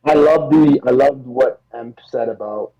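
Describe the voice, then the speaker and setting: A man co-hosting a podcast, talking in quick, rambling bursts with many restarts in casual chat. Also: medium pitch, muffled recording, a crowd in the background. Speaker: podcast co-host. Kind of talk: casual post-show chat.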